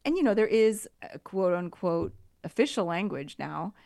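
A woman co-hosting a casual podcast chat, talking in a lively way with restarts and asides. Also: on the low side, normal speed, gravelly, dry recording, clean studio sound. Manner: chatty, animated, trailing restarts. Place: abroad in Italy, married into an Italian family.

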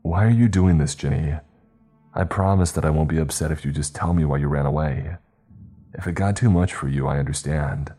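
A man's voice: rumbling low, a little fast, warm tone, slightly rough. A man voicing an anxious, sweaty young man who pleads and presses with questions while reading a story aloud. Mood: pleading. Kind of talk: storytelling narration.

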